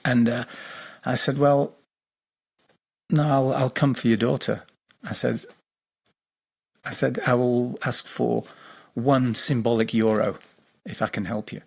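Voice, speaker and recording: A man's voice: mid-range voice, moderate pace, vocal fry, long pauses, slightly rough. A middle-aged man, a guest, telling a long anecdote in a rambling, hesitant way with many fillers and restarts. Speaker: guest, geobiologist and healer. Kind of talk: anecdotal storytelling in an interview.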